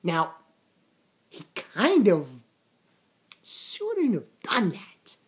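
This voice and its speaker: A woman giving a casual, excitable comic chapter review, repeating words and retelling scenes in quoted voices. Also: medium pitch, drawn-out words.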